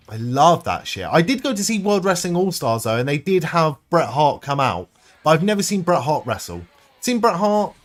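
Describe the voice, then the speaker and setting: A man's voice: fairly high pitch, sing-song, normal speed, soft background music. A man hosting a live stream, chatting casually with viewers, rambling and swearing freely. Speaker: livestream host reading chat.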